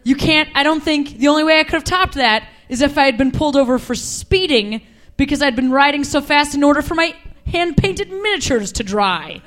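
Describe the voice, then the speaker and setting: A young woman doing a stand-up comedy set on a club stage, wry and deadpan with quick asides. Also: high voice. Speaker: stand-up comic.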